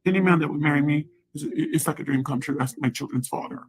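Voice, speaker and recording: A woman's voice: low voice, quick pace, husky, low-quality recording. A woman in a profane, rambling angry rant, taunting and repeating herself.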